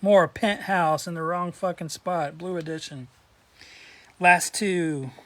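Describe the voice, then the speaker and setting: A man's voice: on the high side, fairly even intonation, slow, fairly bright tone, dry recording. A man in a casual show-and-tell vlog, rambling through his collection with crude jokes and asides, his throat a little dry. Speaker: collector vlogger.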